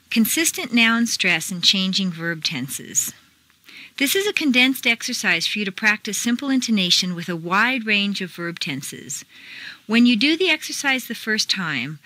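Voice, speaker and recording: A woman's voice: mid-range voice, pushed and bright, no room sound, poor audio. A woman with an American accent reading a scripted pronunciation lesson, carefully enunciating each model sentence. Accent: General American. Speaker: accent teacher.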